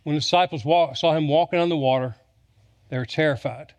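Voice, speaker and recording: Male pastor, drawl, slightly high voice, emphatic storytelling sermon. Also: fairly quick, dull audio. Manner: storytelling with humor, emphatic repetition.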